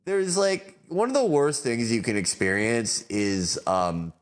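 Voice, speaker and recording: A man's voice: medium pitch, lively intonation, measured pace, clear, resonant tone. A man guesting on a podcast, rambling and swearing in loose, filler-heavy banter. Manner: rambling, profane, lots of fillers.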